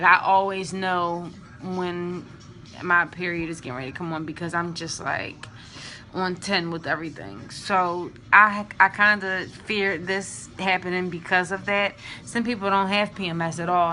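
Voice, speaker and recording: A young woman vlogging casually and candidly about her day, sounding drained and low on energy. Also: level tone, moderate pace, bright, forceful tone. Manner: chatty, candid and emotional. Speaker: vlogger sharing IVF updates. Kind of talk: casual vlog.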